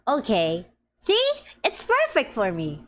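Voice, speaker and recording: A young woman streaming a game, chatting playfully, giggling often and reading game text aloud, her voice a little deep from just waking up. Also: animated, slow, a little hiss or hum. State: slightly deep morning voice. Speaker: VTuber streamer. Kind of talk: casual live-stream chat. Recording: faint music behind.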